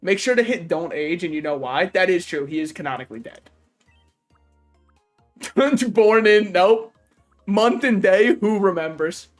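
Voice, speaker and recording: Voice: medium pitch, expressive, a little slow, long pauses, soft background music. A streamer giving casual gaming commentary, joking, swearing freely and talking back to chat and the game's characters. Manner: talks to chat and game characters.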